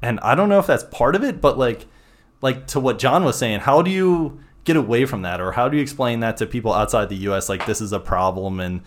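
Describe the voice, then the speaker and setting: Lively young man chatting on a podcast. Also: mid-range voice, brisk. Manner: animated, laughing, loose slangy talk. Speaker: podcast host. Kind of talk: casual chat.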